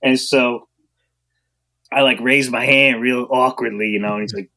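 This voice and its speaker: A man, a guest on a podcast, telling stories about his coaching career in an animated way, acting out what people said and laughing often. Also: medium pitch, normal speed, gravelly. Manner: animated storyteller, acts out quotes, laughs often. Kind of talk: storytelling in a podcast interview.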